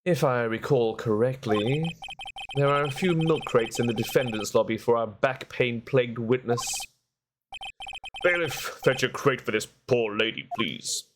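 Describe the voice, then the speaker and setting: A man's voice: mid-range voice, a little slow, background noise, natural voice. A man voicing a fussy, formal older male judge in a courtroom game. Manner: formal, ceremonious.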